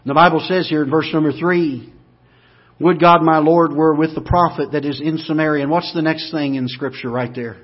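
A pastor preaching a sermon, moving from quiet, low talk up to loud, emphatic, repeated declarations. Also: male voice, fairly even intonation, a little fast, muffled recording.

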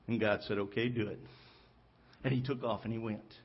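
A man's voice: fairly low pitch, fairly even intonation, a little fast, husky, dull audio. A man preaching a sermon from the pulpit of a church, retelling a story with voices for its characters. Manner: storytelling, acting out the characters' lines. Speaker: pastor. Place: church sanctuary.

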